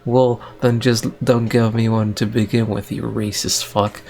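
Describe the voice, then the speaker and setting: A man voicing a stern, solemn samurai who speaks in a low, hushed, half-whispered way in an improvised spoken story. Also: little pitch movement, a little slow, gravelly.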